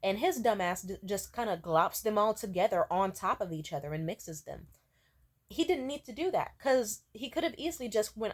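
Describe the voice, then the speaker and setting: A woman's voice: medium pitch, expressive, fairly quick, a little mellow. A woman telling a story in a casual, ranting way, sarcastic and profane, full of filler words. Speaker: vlogger.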